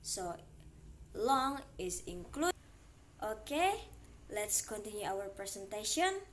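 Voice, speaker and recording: A woman's voice: medium pitch, big pitch swings, takes it slowly, fairly bright tone, slight background noise. A young woman with an Indonesian accent giving a class presentation as student moderator, careful and hesitant, with frequent fillers.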